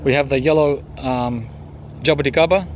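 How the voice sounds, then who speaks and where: A man's voice: medium pitch, fairly even intonation, normal speed, a little hiss or hum. A man chatting casually as he walks through his backyard garden, rambling with frequent ums as he points things out. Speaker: gardening vlogger.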